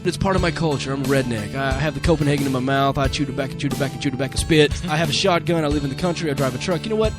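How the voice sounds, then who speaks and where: A man's voice: medium pitch, racing, few pauses, over music, natural voice. A man voicing an exaggerated country redneck in a mocking, sing-song manner. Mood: boastful. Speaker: host.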